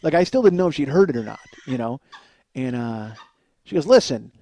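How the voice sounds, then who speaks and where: A man in his forties hosts his own comedy podcast as a loose storytelling monologue. He rambles and mocks himself, with many fillers. His voice is mellow and warm rather than bright, in the middle range for pitch. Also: animated, fairly quick. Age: 40s. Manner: rambling, self-deprecating, full of fillers.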